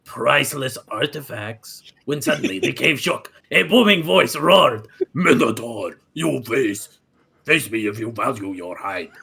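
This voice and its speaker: A man putting on a boastful, self-adoring minotaur from a comic tabletop game, swooping all over the place as he declaims. The voice is bright and a little husky, with lofty theatrical airs. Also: medium pitch, animated, a little slow, exaggerated voice. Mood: pompous. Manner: grandiose storyteller, theatrical. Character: pompous vain male minotaur, severed head. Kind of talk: comic tabletop role-play.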